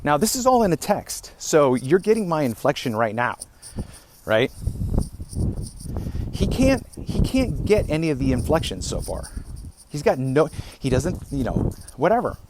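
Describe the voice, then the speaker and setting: A man telling a story in a casual monologue, animated and exasperated. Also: on the high side, a little slow. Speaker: podcaster. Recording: noisy home recording.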